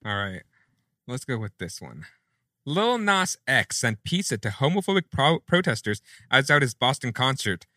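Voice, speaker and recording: A man on a comedy writing panel who riffs and pitches joke ideas in casual chat. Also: sing-song, normal speed, sharp tone, no echo, studio quality.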